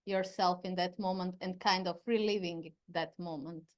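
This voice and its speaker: A woman's voice: lowish voice, steady tone, moderate pace, dull audio. Female interviewer and musician, casual, hesitant phrasing. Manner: searching for words, many fillers.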